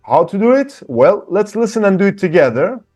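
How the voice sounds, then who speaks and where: A man teaching an online English lesson, reading example sentences slowly and clearly and talking directly to his viewers in an encouraging way. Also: high-pitched, big pitch swings, a little mellow, soft background music.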